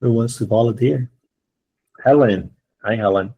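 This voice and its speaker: A man's voice: medium pitch, normal speed, slightly rough, highs cut off. A man teaching an online English class, playful and encouraging, joking with his students.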